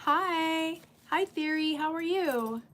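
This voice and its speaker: A woman's voice: very high voice, takes it slowly, fairly bright tone, slight background noise. A woman hosting a casual livestream, chatting bluntly and greeting viewers by name. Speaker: livestream host. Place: indoor room under a bright light.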